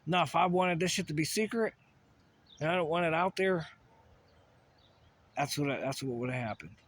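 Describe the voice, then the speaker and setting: A man's voice: a little high, lively intonation, moderate pace, slight background noise. A man ranting in a rambling solo monologue, profane and agitated, full of asides and restarts. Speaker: vlogger.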